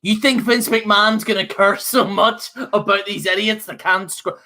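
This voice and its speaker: Fired-up man with a bright voice. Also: sits high, fairly even intonation, normal speed. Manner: fiery, profane, laughing outbursts. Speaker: co-host. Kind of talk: heated podcast rant.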